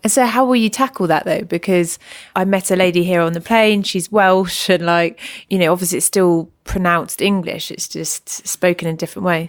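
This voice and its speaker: Woman podcast host, lowish smooth voice, dry mic, quick friendly questions. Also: fairly even intonation, dry recording. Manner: friendly interviewer, quick questions, light laughs. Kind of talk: interview conversation.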